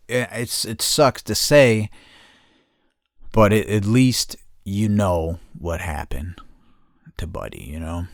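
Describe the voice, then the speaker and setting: Low-voiced swearing man telling a story. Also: no room sound, clean studio sound. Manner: heavy swearing, rambling, laughs often. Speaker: podcast host. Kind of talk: casual storytelling.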